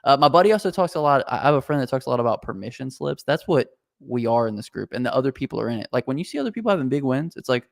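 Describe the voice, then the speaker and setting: An energetic man talks in loose, casual podcast banter, firing off dude every few lines. His voice sits at an ordinary pitch. The sound is dry and close to the mic. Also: very fast, vocal fry, no echo. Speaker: co-host.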